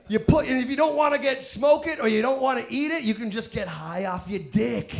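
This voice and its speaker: A man doing stand-up comedy on a live stage, profane and rambling, working the crowd with bursts of shouting. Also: very high-pitched, a little fast, gravelly.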